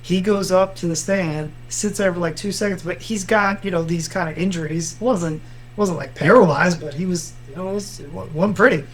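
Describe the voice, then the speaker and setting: A man's voice: sits high, moderate pace, poor audio. A man with a Miami accent, a lawyer and podcast co-host, telling courtroom stories in a casual chat. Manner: animated storyteller, acts out quotes.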